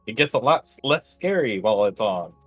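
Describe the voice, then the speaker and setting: Low-voiced guy at the game table, dry wry comments. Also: sing-song, fairly quick, fairly bright tone, slightly rough, no room sound, faint music behind. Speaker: player. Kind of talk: casual tabletop game chat.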